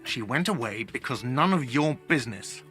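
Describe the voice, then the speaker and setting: A man's voice: mid-range voice, expressive, moderate pace, a bit bright, breathy edge, soft background music. A man voicing a whiny, grumpy male cafeteria manager who answers in a curt, defensive way.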